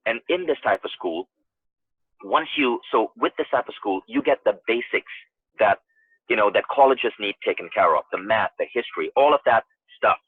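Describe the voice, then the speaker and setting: A man's voice: on the low side, expressive, moderate pace, breathy edge, no echo. A man from Malaysia, a podcast guest, talking emphatically in a casual interview and telling stories while he restarts his phrases. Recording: tinny phone-line audio.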